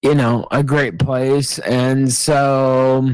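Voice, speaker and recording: Male show host, drawn-out profane rants with halting restarts, dry and close. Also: mid-range voice, level tone, darkish tone, clean tone, no room sound, poor audio. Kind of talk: heated livestream banter.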